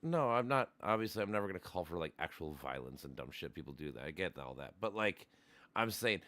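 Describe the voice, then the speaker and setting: A man's voice: sits low, big pitch swings, bright, forceful tone. A man in casual chat, insistent and cursing as he argues his side. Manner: fast-talking, insistent, swears freely.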